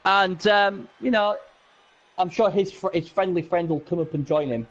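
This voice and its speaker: Male co-commentator for a game match, high voice, excitable, laughs a lot, repeats himself. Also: normal speed, highs cut off.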